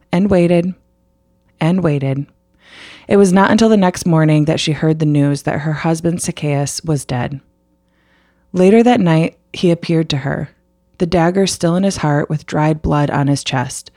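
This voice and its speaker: Woman, podcast host, upbeat, lots of ums, gravelly, retells a story. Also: low voice, darkish tone, no room sound, clean studio sound. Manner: upbeat, filler-heavy. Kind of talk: casual chat and storytelling.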